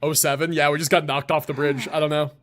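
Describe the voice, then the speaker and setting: A man's voice: fairly high pitch, little pitch movement, fast, a bit bright. A man live-streaming a video game, joking and rambling through casual commentary with plenty of swearing. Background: game music.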